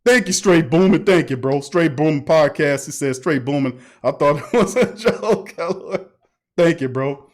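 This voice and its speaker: A man hosting a casual sports talk livestream, animated and emphatic, repeating himself and often laughing. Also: a little high, a little slow. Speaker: sports talk show host.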